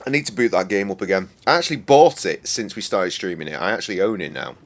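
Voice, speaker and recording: A man's voice: sits low, lively intonation, fast talker. A man streaming a game, swearing and muttering exasperatedly at it. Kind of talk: casual game-stream commentary.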